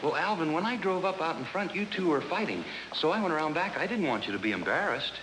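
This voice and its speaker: A man's voice: on the high side, expressive, quick pace, fairly bright tone. An actor playing a cheerful, dim-witted male friend in a 1950s sitcom, guileless and chipper. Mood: cheery. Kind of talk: 1950s live TV sitcom acting. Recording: hissy, echoey 1950s TV soundtrack.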